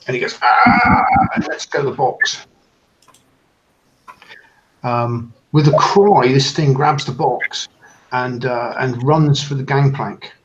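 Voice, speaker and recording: A man narrating a tabletop role-playing game as game master, full of fillers and restarts. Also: medium pitch. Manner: halting, many fillers and restarts. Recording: dull lo-fi sound, faint noise.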